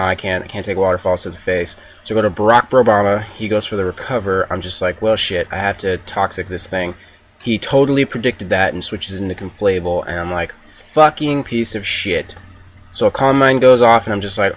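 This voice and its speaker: A man's voice: lowish voice, fairly bright tone. A young man giving casual, profane play-by-play commentary over his own gameplay video.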